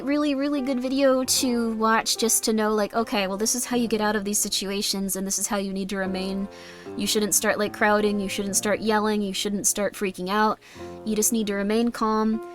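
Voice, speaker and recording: A woman streamer chatting casually on a livestream, rambling and reading chat messages aloud. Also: mid-range voice.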